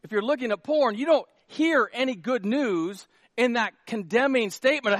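High-voiced joking male pastor. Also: lively intonation, brisk, fairly bright tone, dry recording, clean studio sound. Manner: joking, conversational preaching with rising emphatic peaks. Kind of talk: sermon. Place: church sanctuary.

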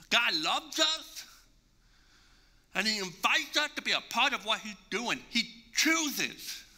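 Bright-voiced male pastor preaching. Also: extremely high pitch, big-room sound. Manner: conversational, animated storytelling. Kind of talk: sermon.

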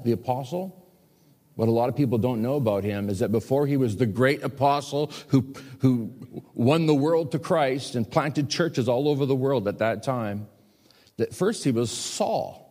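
Guy pastor preaching a sermon, acts out the quotes, big echoey church hall. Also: mid-range voice. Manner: animated storytelling with acted quotes. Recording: long hall reverb.

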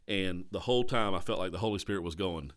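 A man with a Southern American accent, a pastor hosting a podcast, talking earnestly and confessionally in casual conversation and often checking in with a quick question tag. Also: sits low, a bit bright.

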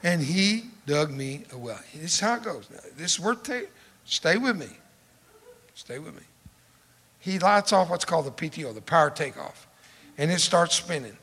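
A man's voice: a little high, moderate pace, breathy edge. A man, telling a humorous folksy story and acting out the dialogue. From Texas. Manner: animated, acts out dialogue. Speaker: storyteller speaker. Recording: long hall reverb.

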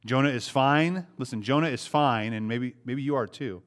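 Guy preaching a sermon, chatty, lots of rhetorical questions, mid-pitch voice. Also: normal speed. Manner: conversational preaching with rhetorical questions and acted-out quotes. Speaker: pastor.

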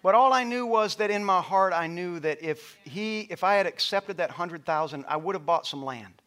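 A middle-aged male pastor preaching a sermon in a church, rising to loud passionate peaks and dropping to a soft storytelling voice. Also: high-pitched, normal speed. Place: church auditorium with stage lights.

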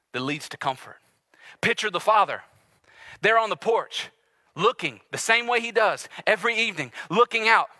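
A male pastor preaching a sermon earnestly and confessionally, swinging between loud urgency and hushed intimacy. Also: sits high, dry recording, clean studio sound. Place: church sanctuary with live and online audience.

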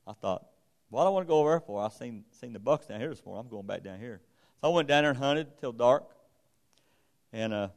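Middle-aged male preacher, folksy storyteller, conversational sermon. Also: mid-range voice. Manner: folksy, conversational, retells dialogue.

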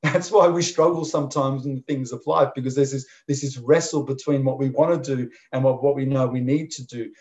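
A man preaching a sermon, emphatic and deliberate, driving points home with repetition. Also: medium pitch, fairly even intonation, darkish tone, lo-fi sound. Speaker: pastor.

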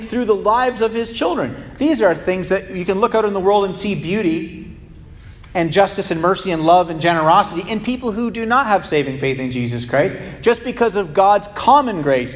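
A preacher with a high-pitched voice delivers an animated sermon, swinging between humorous asides and emphatic points. His voice carries through a church sanctuary with a long reverb. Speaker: pastor. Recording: long reverb of a large hall.

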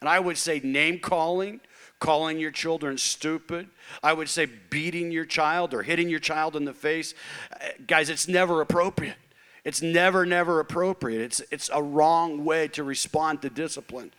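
A man's voice: fairly high pitch, fairly even intonation, moderate pace, fairly bright tone, clear, resonant tone. A man preaching a sermon in an earnest, emphatic way, often repeating himself. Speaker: pastor.

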